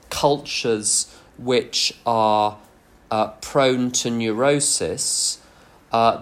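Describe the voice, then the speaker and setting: A man giving a recovery workshop talk, frank and self-deprecating, mixing personal anecdotes into his teaching. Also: mid-range voice. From England.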